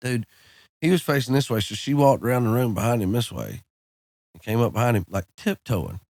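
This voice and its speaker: A man in his thirties, a guest on a podcast, telling relaxed anecdotes in casual chat. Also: mid-range voice, a little fast, dry recording, clean studio sound. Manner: laid-back, drawling anecdotes peppered with "man" and "dude". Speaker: podcast guest, country singer.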